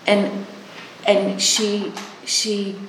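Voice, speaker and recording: Woman, mid-pitch, blunt candid testimony with a sarcastic edge; echoey room, faint ambience. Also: little pitch movement, drawn-out words, fairly bright tone, slight background noise. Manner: blunt, sarcastic, acts out both sides of conversations. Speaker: recovery sponsor and halfway house worker.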